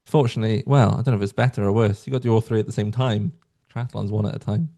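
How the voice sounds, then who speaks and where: A man guesting on a podcast, talking in a casual, animated and self-deprecating way. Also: fairly low pitch, rapid-fire, gravelly.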